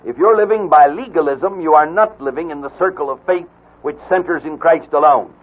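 Male radio preacher with a husky, slightly high voice, slow and deliberate, phone-thin broadcast quality. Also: phone-quality sound. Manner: slow, deliberate, emphatic reading of scripture. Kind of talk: radio Bible teaching.

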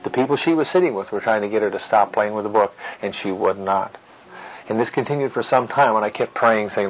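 A middle-aged man giving an earnest teaching talk with personal stories, in a measured, firm, fatherly way. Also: on the low side, highs cut off. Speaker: Christian parenting teacher.

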